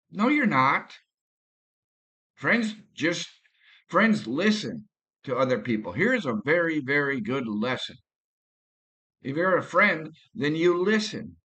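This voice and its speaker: Man, vlogger, rambling halting monologue, bright tense voice, slightly high. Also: big pitch swings, husky. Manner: rambling, halting, with frequent restarts. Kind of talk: casual personal monologue.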